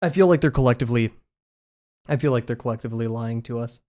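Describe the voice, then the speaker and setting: Talking fast in a mid-range, a little mellow voice, a young US streamer chats casually as he draws. His talk rambles, with giggles and plenty of filler words.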